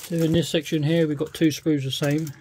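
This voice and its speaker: A man's voice: on the high side, little pitch movement, a little fast, a little mellow, a little hiss or hum. A man with a British accent, casually talking through a model kit unboxing, often hesitant and thinking aloud. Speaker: scale model kit reviewer.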